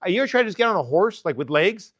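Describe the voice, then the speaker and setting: A man's voice: high-pitched, big pitch swings, very fast, a bit bright, no echo. A man preaching a casual, joking sermon to teenagers, talking to them conversationally. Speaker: youth preacher.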